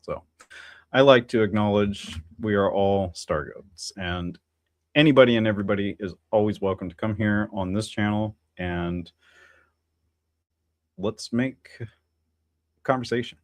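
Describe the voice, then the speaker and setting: Speaking at a measured pace with frequent pauses, this man has a fairly low voice and there's no room sound at all. He's running a relaxed solo livestream, wandering through philosophical thoughts with plenty of fillers, false starts, and friendly remarks to the people watching.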